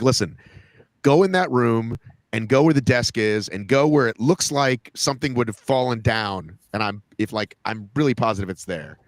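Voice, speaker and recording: A man's voice: medium pitch, dry recording. A man hosting a podcast, telling a long story in casual chat, padding his talk with "like" and "right?". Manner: rambling, fills talk with "like" and "right?". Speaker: podcast host.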